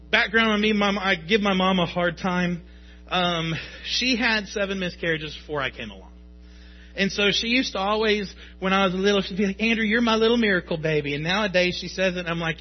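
Male pastor, thirties: high husky voice, emphatic sermon delivery, dull lo-fi sound. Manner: emphatic, rising to shouts at peaks.

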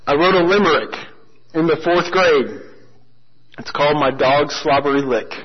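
Higher-voiced man preaching a sermon, lo-fi. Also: expressive, breathy edge. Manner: storytelling with humor and emphatic slowing on key phrases. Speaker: pastor. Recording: muffled lo-fi sermon recording.

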